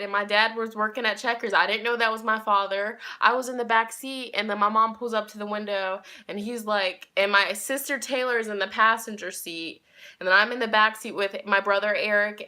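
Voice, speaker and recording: A woman's voice: medium pitch, fairly even intonation, brisk, sharp tone. A young woman chatting to her viewers in a rambling, casual storytime, talking straight to them as she goes. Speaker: tarot reader and vlogger.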